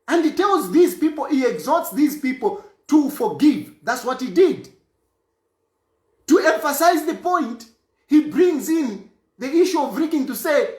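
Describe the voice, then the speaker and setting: A man's voice: extremely high pitch, sing-song, a little slow, darkish tone, reverberant. A man from Zambia giving an emphatic political statement, repeating phrases for force.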